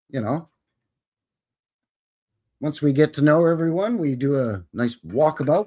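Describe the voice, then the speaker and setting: Lively man hosting a livestream. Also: medium pitch, unhurried, slightly rough. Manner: jokey, upbeat, greets viewers by name. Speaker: host. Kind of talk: casual livestream chat.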